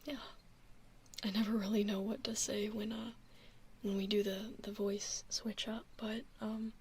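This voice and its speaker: A woman putting on a tomboyish young woman's voice in a whispered role-play, rambling softly with hesitant fillers. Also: mid-range voice, little pitch movement, unhurried, husky, voice pushed down. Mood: laid-back. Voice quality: whispery, soft-spoken. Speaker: streamer.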